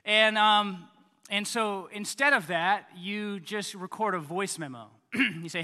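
A man's voice: high-pitched, slow, sharp tone, big-room sound. A male pastor giving a casual, joking sermon to his congregation and acting out little everyday scenes for the kids. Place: church hall.

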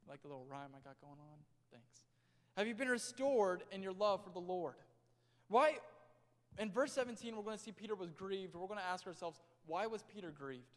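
A young male pastor preaching a sermon in a church, swinging between loud and hushed delivery. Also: high voice. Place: church sanctuary. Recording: long hall reverb.

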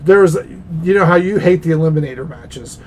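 An easygoing man with a fairly high voice co-hosts a casual wrestling chat. He speaks hesitantly and often restarts his sentences as he works out his opinions. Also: fairly quick, crowd noise, low-quality recording.

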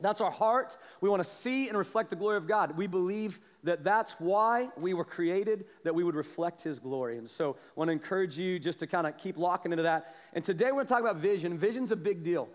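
A man preaching a sermon as a pastor, telling a story with animated energy and a slight cough. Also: sits high, brisk, hardly any pauses, long reverb tail. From Kansas, US. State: has a cough.

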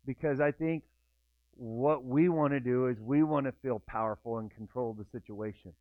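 A man's voice: mid-range voice, normal speed, clear, resonant tone, no echo. A man preaching a sermon in a conversational way, acting out the inner voices of his listeners. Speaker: pastor. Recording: tinny phone-like dry sound.

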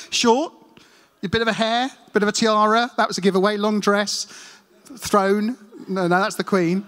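A man with a fairly high voice gives a relaxed, chatty sermon in a church hall. The reverb rings long behind him. He tells self-deprecating stories and puts questions to the congregation. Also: normal speed. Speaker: preacher. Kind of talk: casual sermon with anecdotes.

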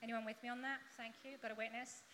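A woman's voice: fairly high pitch, flat delivery, fast talker, bright, forceful tone. A woman preacher giving a sermon in a conversational way, with humorous asides to the congregation. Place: church hall with congregation. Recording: echoey hall with faint background noise.

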